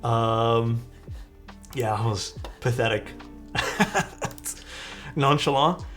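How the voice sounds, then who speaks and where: A man's voice: medium pitch, very slow, a bit bright. A young man streaming from his desk, telling a rambling story in a casual way, with lots of "like" and some swearing. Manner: rambling and chatty, peppered with "like" and swearing. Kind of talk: casual storytelling while building a keyboard on a live stream. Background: faint background music.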